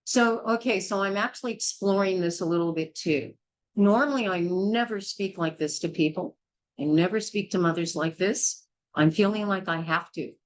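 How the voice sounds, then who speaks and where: A woman's voice: mid-range voice, moderate pace, low-quality recording. Older lady midwife lecturing a small class, blunt and scolding, keeps hammering the same point. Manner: forceful, scolding, repetitive. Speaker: midwife teaching a childbirth class.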